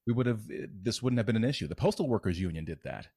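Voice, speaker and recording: A man hosting an interview, speaking in a halting way and repeating words as he thinks. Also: on the low side, lively intonation, a little mellow, breathy edge, no echo, clean studio sound. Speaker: interview host. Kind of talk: conversational interview.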